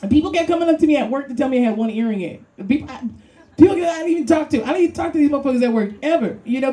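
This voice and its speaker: Her high, mellow voice races along expressively as a woman from Brooklyn works a comedy club stage before a live audience. The set is brash and profane, and she laughs through her punchlines.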